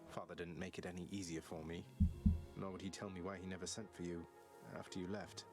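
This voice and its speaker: Earnest young underworld prince, deep low voice, game music under. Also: male voice, little pitch movement, brisk. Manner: earnest, searching. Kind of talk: video game voice acting.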